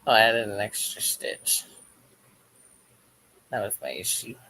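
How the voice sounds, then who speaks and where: A man's voice: lowish voice, expressive, unhurried, sharp tone, poor audio. A man hosting a crochet livestream, chatting casually and jokily while reading the live chat aloud as he works.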